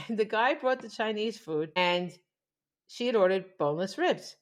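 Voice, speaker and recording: Animated woman telling a funny story. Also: mid-range voice, normal speed. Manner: animated storyteller, laughs often, acts out quoted voices. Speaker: podcast co-host. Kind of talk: casual chat.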